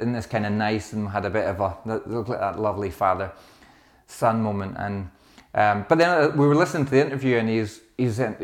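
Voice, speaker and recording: A middle-aged man, a pastor, preaching a sermon in a reflective, conversational way, telling stories with small restarts. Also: mid-range voice.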